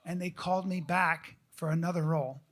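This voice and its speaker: High, bright-voiced storytelling man. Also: fairly quick. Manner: animated, profane, laughing storyteller. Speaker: comedian and actor, guest. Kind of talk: live podcast chat, storytelling.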